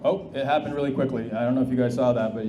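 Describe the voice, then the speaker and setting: Brief: male presenter, relaxed mellow tone, loose off-the-cuff delivery full of restarts, echoey hall with faint noise. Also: medium pitch, racing, muffled recording. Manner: casual, restarts often, thinks aloud. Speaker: presenter demoing AI agents. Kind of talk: live tech demo talk.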